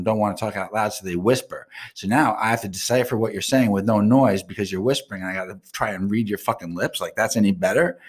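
A man with a deep, low-pitched voice rants alone on his own live stream show, swearing in nearly every sentence. He speaks in blunt, casual slang and wanders into loose asides.

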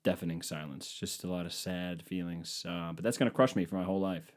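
A podcast host in his twenties, recording at home into a microphone connected to his computer, delivers a casual comedic monologue of rambling, self-mocking stories full of swearing. His voice is low and flat, and he talks a little fast.

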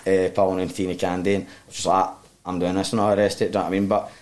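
A man's voice: low voice, flat delivery, very fast, a little mellow. A man with a Glaswegian accent telling his own story as a guest, in a sweary, heartfelt, rambling way. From Glasgow, Scotland. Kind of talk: candid personal storytelling.

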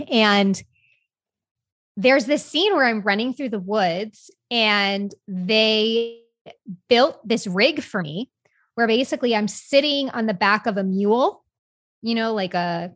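A young adult woman co-hosting a podcast, talking in a candid, rambling, expressive way. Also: on the high side, no echo, studio quality. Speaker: podcast co-host. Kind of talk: casual chat.

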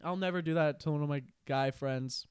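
A young man in casual chat, telling stories and ranting in quick animated bursts. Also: fairly high pitch, clear, resonant tone, no echo, clean studio sound.

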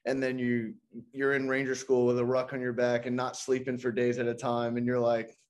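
A man as interviewer, asking loose, relaxed questions. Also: medium pitch, brisk.

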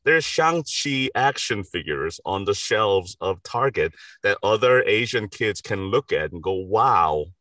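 A man's voice: fairly low pitch, animated, a little slow, hardly any pauses, fairly bright tone, dry recording, recorded from a distance. A middle-aged man from Korea, a voice actor, talking earnestly and enthusiastically in an interview from a recording studio, often laughing. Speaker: voice actor guest. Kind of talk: casual interview chat.

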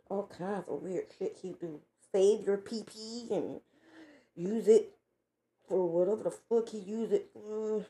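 Woman venting her story, lots of cussing, dark gravelly voice. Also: medium pitch. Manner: blunt, profane, animated retelling. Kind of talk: casual storytelling vlog.

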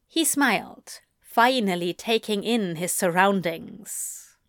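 A woman narrating a fiction audiobook in a slow, expressive manner. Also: mid-range voice, no echo, clean studio sound.

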